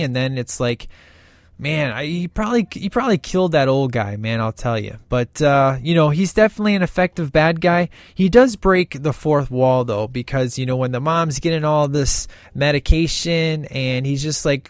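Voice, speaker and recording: A man's voice: on the high side, moderate pace, dry recording, studio quality. A man hosting casual movie commentary, talking in a rambling, enthusiastic way with lots of fillers. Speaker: podcast host reviewing a film.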